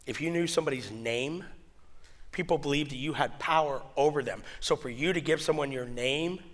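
A man's voice: on the high side, moderate pace. A man preaching a sermon and telling a story with energy, acting out the voices in it. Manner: storytelling, animated, acts out voices. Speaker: pastor.

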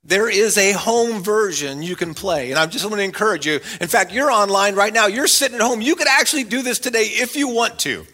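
A middle-aged man, a pastor, preaching a sermon. He swings between loud, playful stretches and quiet, earnest asides. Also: sits high, a little fast, hardly any pauses.

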